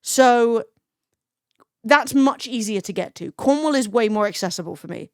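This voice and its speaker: A woman's voice: on the high side, animated, moderate pace, smooth, no room sound, clean studio sound. A young woman live-streaming, chatting casually with her chat, swearing freely and laughing often.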